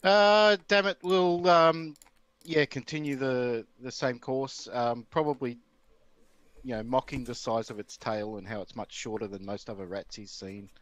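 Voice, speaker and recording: Male player, mid-pitched, dry recording, halting casual game talk. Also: fairly even intonation, a bit bright, no echo. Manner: hesitant, filler-heavy. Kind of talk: casual chat at a gaming table.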